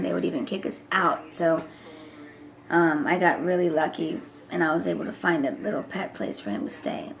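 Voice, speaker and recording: Mujer charlatana con voz algo rasposa. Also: female voice, on the low side. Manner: chatty, rambling, drops into whispers. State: voice recovering from hoarseness. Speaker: vlogger and mother. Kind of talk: casual chat to camera.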